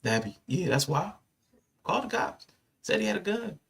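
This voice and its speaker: A man's voice: high-pitched, moderate pace, creaky. A man co-hosting a casual podcast who jokes and acts out what people said. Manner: joking, animated, acts out quotes. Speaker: podcast co-host. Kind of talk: casual chat.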